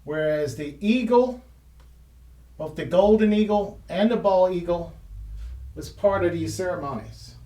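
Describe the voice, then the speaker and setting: Echoey off-mic man, somewhat high. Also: unhurried, pauses often, warm tone, far from the mic. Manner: rambling, with restarts and trailing phrases. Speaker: artist hosting a painting history show. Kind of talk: casual explanatory talk while painting. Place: art studio. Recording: roomy sound from off-mic.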